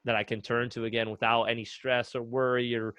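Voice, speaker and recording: A man's voice: mid-range voice, brisk, clean tone, no echo. Laid-back young man telling a story. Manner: relaxed storytelling with many fillers, acts out quotes. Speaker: guest, retired runner. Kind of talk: casual podcast chat.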